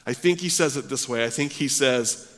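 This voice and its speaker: A man's voice: mid-range voice, moderate pace, a bit bright. Male pastor, emphatic sermon delivery, mid-range voice, long church reverb. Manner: emphatic, earnest, rises and drops for stress. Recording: long reverb of a large hall.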